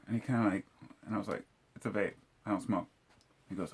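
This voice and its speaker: Blunt, husky-voiced man telling a story. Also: on the low side. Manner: blunt and profane, quick to shout the quoted lines. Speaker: vlogger telling a true story. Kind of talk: casual storytelling monologue.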